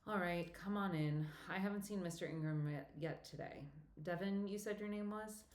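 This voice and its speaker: A woman putting on a brisk, friendly older box office lady. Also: fairly low pitch, a little mellow, pitched above the performer's own voice, natural voice. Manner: brisk, teasing, motherly. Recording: roomy echo.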